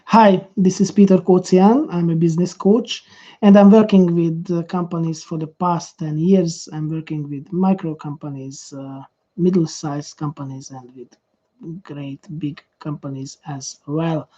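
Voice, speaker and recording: A Hungarian-accented business coach rehearses his introduction to camera, halting, trailing off and restarting with many fillers. His warm, mellow voice is on the high side with fairly even intonation, and the recording is dull and muffled.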